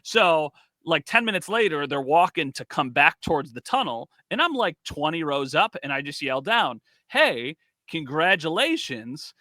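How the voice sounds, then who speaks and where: Bright-voiced man telling a story. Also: a little high, moderate pace, no room sound. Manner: animated storyteller, acts out quotes. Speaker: podcast co-host and sports reporter. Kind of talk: casual podcast chat.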